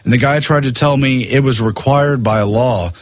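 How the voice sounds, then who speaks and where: A man's voice: mid-range voice, normal speed, no room sound. A man sitting in as talk radio host, speaking in a conversational, matter-of-fact way.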